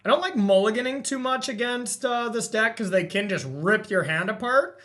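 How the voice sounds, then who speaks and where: A man hosting a card game session, thinking aloud as he counts and checks his plays in relaxed, self-amused commentary. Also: high voice, normal speed. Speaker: host playing a card game. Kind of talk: casual gameplay commentary.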